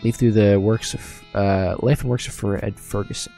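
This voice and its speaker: A man's voice: on the low side, fairly even intonation, normal speed, gravelly, warm tone, faint music behind. A man casually commenting on and reading aloud from a video game, chatty and self-deprecating. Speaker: video game let's-play host.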